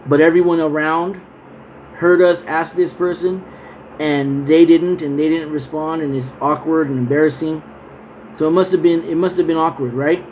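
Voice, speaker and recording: A man reading Bible verses slowly, then explaining them in a loose, conversational way with casual asides. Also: a little high, darkish tone, a little hiss or hum, rough recording. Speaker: Bible teacher. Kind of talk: scripture reading and casual Bible study talk.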